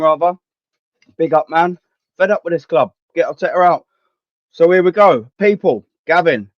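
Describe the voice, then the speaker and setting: A man's voice: fairly high pitch, no room sound, highs cut off. Sweary ranting man. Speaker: fan channel host. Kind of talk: live stream chat reading.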